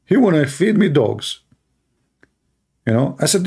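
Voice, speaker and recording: Male apologist, mellow, gravelly voice, dry sarcastic delivery. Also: a little high, sing-song, a little slow, long pauses. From Middle East. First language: Arabic. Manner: sarcastic, mocking. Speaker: Christian apologist. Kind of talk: mocking commentary and anecdotes.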